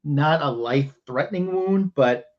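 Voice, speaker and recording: A man's voice: fairly high pitch, a little slow, dull audio. A man hosting a livestream who retells a comic book panel by panel. He talks casually and uses a lot of fillers. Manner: casual storytelling with many fillers. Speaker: show host.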